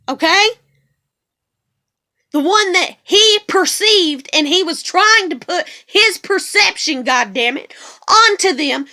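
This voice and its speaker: A woman's voice: very high voice, expressive, slow, sharp tone. A woman in an emotional, angry monologue vlog, swearing heavily and hammering her points through repetition. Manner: heavily profane, ranting. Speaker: vlogger.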